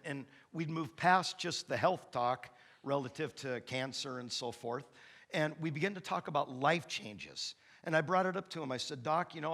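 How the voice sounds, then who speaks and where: A man in his fifties preaching a sermon as pastor, an animated storyteller who acts out the dialogue with big comic outbursts. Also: mid-range voice, creaky. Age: 50s. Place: church sanctuary.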